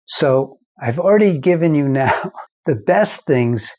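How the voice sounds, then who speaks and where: A man's voice: medium pitch, a little mellow, dull audio. An older man, a marriage counselor and founder, giving folksy advice to the camera and acting out little stories. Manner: slow, folksy storytelling with acted-out quotes.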